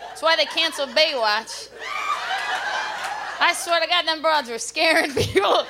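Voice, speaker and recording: A woman doing a stand-up comedy routine on a club stage with a handheld mic, brash and loud with punchy delivery. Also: high voice, a little slow, noisy background.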